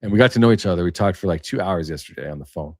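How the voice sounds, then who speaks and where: A man's voice: low-pitched, rapid-fire, dry recording, studio quality. A man hosting a casual livestream, rambling and emphatic, reading aloud and then riffing on it. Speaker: livestream host. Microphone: webcam setup.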